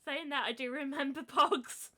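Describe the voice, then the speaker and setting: High bright giggly woman. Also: normal speed. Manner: giggly and playfully overdramatic. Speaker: podcast co-host. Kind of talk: casual chat.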